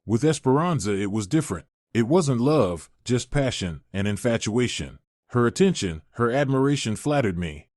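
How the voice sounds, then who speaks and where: A man's voice: mid-range voice, lively intonation, moderate pace, darkish tone, no echo, close to an everyday voice. A guilty, pleading young man, as a male narrator puts him on, begging his partner to stay. The voice rises and falls a lot, and the recording is close and dry. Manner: pleading, insistent. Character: remorseful pleading male fiancé.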